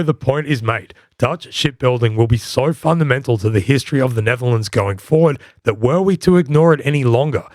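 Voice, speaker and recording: A man's voice: medium pitch, no room sound, studio quality. A man hosting a history podcast, giving scripted narration in a wry, playful storytelling manner.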